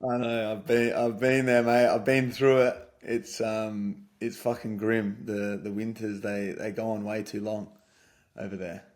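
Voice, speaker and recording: A man co-hosting a casual football podcast, relaxed and swearing freely. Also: on the low side, unhurried. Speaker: podcast co-host.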